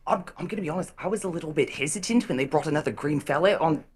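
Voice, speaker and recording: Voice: medium pitch, racing, breathy edge, lightly acted. An improviser voicing a bossy, territorial ogre with a put-on New Zealand accent, rambling and mock-stern. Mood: possessive. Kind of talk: improv comedy sketch.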